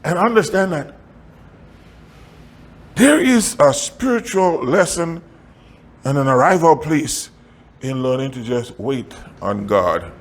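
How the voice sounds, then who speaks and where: Middle-aged male pastor, storytelling sermon, animated swoops and chuckles, slightly high voice. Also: takes it slowly, long pauses. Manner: animated preaching with sudden high pitch swings; chuckles while telling stories.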